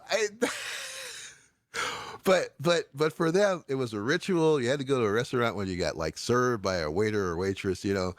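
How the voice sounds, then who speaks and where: A man's voice: low voice, dry recording, studio quality. A man in his sixties from Chicago, hosting a show and telling stories casually, laughing often and restarting his sentences. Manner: animated, laughing, full of restarts. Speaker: show host. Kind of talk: casual storytelling.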